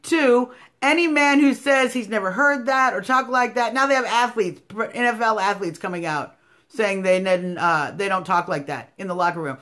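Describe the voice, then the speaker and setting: A woman in her thirties with an American accent, hosting a live stream and delivering opinionated commentary, combative and sarcastic, swinging from loud outbursts to low asides. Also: normal speed. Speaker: political live-stream host. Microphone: phone live stream.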